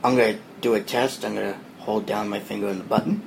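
A man hosting a podcast, walking listeners through an app in a relaxed, plain explaining tone. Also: fairly low pitch, fast, vocal fry, few pauses, noisy background. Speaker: podcast host demoing an app. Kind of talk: casual spoken app walkthrough.

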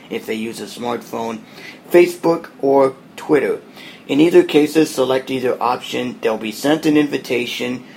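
A man hosting a podcast, walking listeners through an app in a relaxed, plain explaining tone. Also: mid-range voice, gravelly, slight background noise. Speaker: podcast host demoing an app. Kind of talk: casual spoken app walkthrough.

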